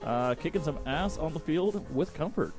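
Deadpan man, slightly high voice. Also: moderate pace, over music. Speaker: co-host. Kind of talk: casual show banter.

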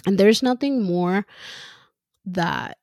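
A woman speaking in a casual monologue as a mother, frank and animated, swearing freely and laughing often. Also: mid-range voice, slow, no echo, clean studio sound. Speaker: mother talking about parenting.

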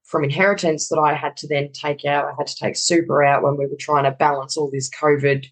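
A woman's voice: deep voice, brisk, poor audio. Australian woman candidly telling her story. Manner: animated retelling with quoted inner dialogue. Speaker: interview guest.

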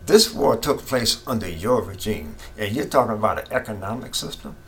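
A man's voice: lowish voice, expressive, moderate pace, a bit bright, slight background noise. A middle-aged man giving an impassioned, repetitive opinion monologue as a political commentator. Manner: impassioned, ranting, repeats himself.

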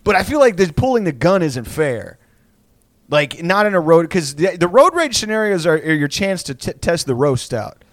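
A man's voice: fairly high pitch, sing-song, moderate pace, no echo, studio quality. A young man from Texas, rambling through crude comedic banter, laughing often and acting out insults. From South Houston, Texas.

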